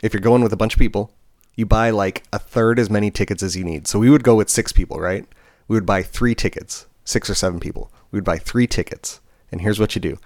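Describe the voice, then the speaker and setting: A man who co-hosts a podcast and works as a bartender tells work stories in casual chat, animatedly acting out the voices of the people involved. His voice is on the low side and a little fast, recorded dry with studio quality.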